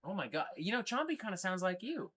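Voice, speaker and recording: A man's voice: sits high, sing-song, quick pace, a crowd in the background. A man hosting a casual livestream from a record store, rambling and swearing as he jokes around. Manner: rambling, profane, jokey. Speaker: livestream host.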